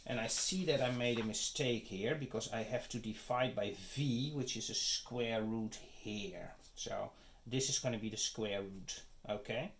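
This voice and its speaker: A man's voice: on the low side, unhurried, fairly bright tone, a little hiss or hum. A man giving a math lecture, working through the steps one at a time and often checking in with "okay?" and "right?". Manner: methodical, step-by-step, frequent "okay?" checks. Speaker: teacher.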